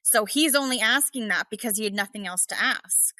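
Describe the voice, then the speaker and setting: A woman on a podcast calmly explaining how a receptionist should guide a call, assured and clear. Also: a little high, fairly quick, dry recording. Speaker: podcast guest, front-desk expert. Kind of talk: casual podcast discussion.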